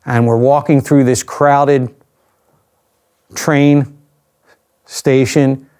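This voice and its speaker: A man's voice: mid-range voice, flat delivery, extremely slow, a little mellow, clear, resonant tone. An older man, an interview guest, telling a personal story in a reflective, conversational way with dry asides.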